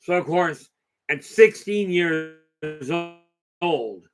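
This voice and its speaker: Over music, a man with a slightly high, animated voice speaks extremely slowly as he hosts a casual live talk. He tells a long, rambling story in a chatty way, answers viewer comments, and often restarts or goes off on asides.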